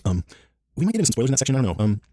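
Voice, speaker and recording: A man's voice: medium pitch, big pitch swings, very fast, mellow, no echo, studio quality. A young man co-hosting a podcast in casual chat, rambling and laughing often. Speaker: podcast co-host.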